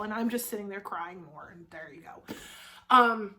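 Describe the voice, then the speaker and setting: A young woman chatting casually to camera as a book reviewer, gushing and warm about her subject, with lots of fillers and restarts. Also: medium pitch, a little fast.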